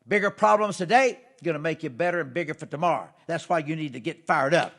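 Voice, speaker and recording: A man preaching success to a live audience in a fired-up, emphatic style, repeating his points and rising to loud exhortations. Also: on the high side, fast talker, husky. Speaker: motivational speaker hosting a live broadcast. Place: theater or studio.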